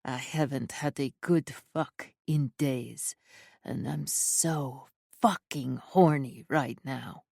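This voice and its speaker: A woman narrator voicing a lecherous, brutal male thug with a low, sneering, menacing delivery. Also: slow, creaky, dark tone, breathy edge, dry recording, studio quality, heavily acted. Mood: leering.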